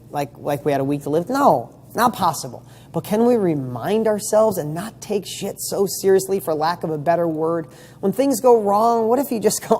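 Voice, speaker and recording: Emphatic motivational man, mellow tone. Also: high voice, a little hiss or hum. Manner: emphatic, fires rhetorical questions, casual swearing. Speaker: motivational speaker. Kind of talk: motivational talk to camera.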